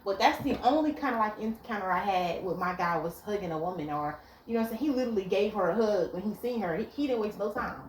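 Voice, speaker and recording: A woman's voice: mid-range voice, quick pace, few pauses, a little hiss or hum. A young woman giving blunt relationship advice in a casual vlog, telling stories animatedly and cursing freely. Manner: blunt, animated storytelling with profanity. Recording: echoey room with faint ambience.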